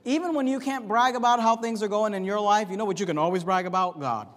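A man preaching a sermon as pastor, emphatic, swinging from quiet to loud. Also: sits high, fast talker. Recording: long hall reverb.

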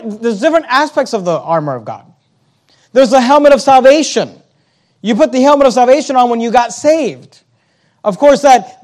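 High-voiced man preaching a sermon. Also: a little mellow. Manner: emphatic preaching with rhetorical questions; reads scripture aloud in King James wording.

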